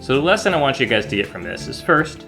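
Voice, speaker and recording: A man teaching children, telling a Bible story in a playful, animated way with silly asides. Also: mid-range voice, fast talker, soft background music.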